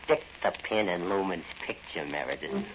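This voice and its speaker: A man's voice: low-pitched, normal speed, lightly acted. An actor playing a mischievous male demon who taunts and wheedles, in old-time radio drama style, on a dull lo-fi recording with faint hiss. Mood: coaxing.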